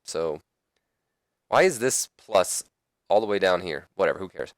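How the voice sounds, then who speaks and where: A young man rambles through his commentary on a wrestling management game, tripping over words and fixing them. His voice sits low and comes across clear and smooth. The sound is dry and close. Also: expressive, unhurried, dry recording. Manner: casual, rambling, self-correcting. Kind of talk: let's play commentary.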